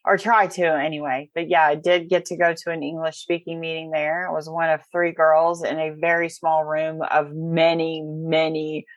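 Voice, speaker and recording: A chatty woman with a Southern US accent, her voice sitting on the low side. She talks casually, full of ums and ready laughter, recorded close and dry. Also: flat delivery, moderate pace, hardly any pauses, no echo, dull audio. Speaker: recovery podcast participant. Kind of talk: casual chat.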